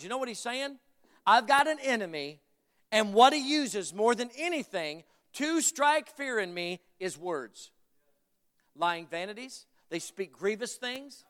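A man's voice: high voice, animated, measured pace, fairly bright tone. A male pastor preaching a fervent sermon, repeating phrases and calling for amens from the congregation. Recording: long reverb of a large hall.

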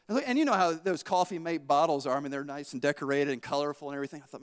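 Male preacher, high voice, animated folksy storyteller, reverberant sanctuary. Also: rapid-fire, hardly any pauses, clean tone. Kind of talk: sermon.

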